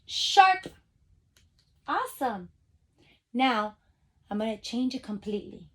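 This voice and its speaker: A woman teacher giving a phonics lesson to young children over a video call, sounding out letters slowly and cheering them on. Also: sits high, animated, a bit bright. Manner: upbeat, encouraging, speaks straight to the kids.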